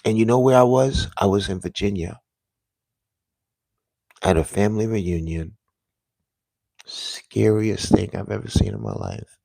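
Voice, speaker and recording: A man earnestly telling viewers about a vivid dream in a casual, halting way, dropping to a hush at the tense parts. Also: on the low side, gravelly, dry recording. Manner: earnest, halting, drops to a hushed voice at tense moments.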